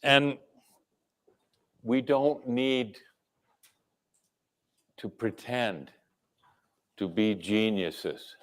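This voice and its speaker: A man's voice: mid-range voice, lively intonation, drawn-out words, pauses often, a bit bright. A man presenting at a company kickoff, giving a sales training talk to an audience, repeating his words and checking in with "okay?".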